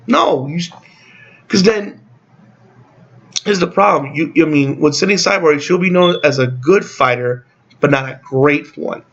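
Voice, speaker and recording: A man's voice: a little high, moderate pace, gravelly, breathy edge, lo-fi sound. A man hosting his own channel, talking in a casual, rambling opinion vlog that is blunt, profane and dotted with sarcastic asides. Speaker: YouTube channel host.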